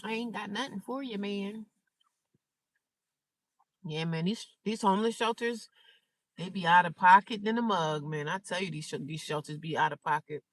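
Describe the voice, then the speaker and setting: A woman's voice: mid-range voice, normal speed, long pauses, no echo, distant mic, poor audio. A woman chatting casually on a livestream, telling her stories bluntly and animatedly and repeating herself for emphasis. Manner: blunt, repetitive, animated storytelling. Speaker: livestreamer sharing her daily life.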